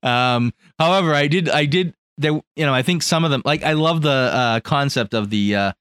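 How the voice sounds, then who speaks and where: A man co-hosting a podcast in casual chat, animated, chuckling and acting out quotes. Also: mid-range voice, normal speed, clear, resonant tone, dry recording. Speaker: podcast co-host.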